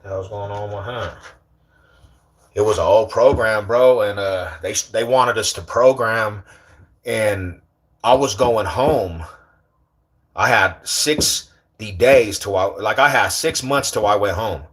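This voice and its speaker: Slangy, animated man chatting on a livestream. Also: on the low side, slow pace. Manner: slangy, animated, teasing banter with the chat. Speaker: livestream host. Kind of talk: casual livestream chat.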